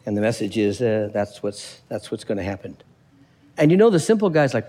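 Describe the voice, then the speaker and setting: A man preaching a sermon, reading scripture aloud and acting out the characters in the passage with quick voices. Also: fairly low pitch, in a large hall. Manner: animated, acts out characters, reads scripture aloud.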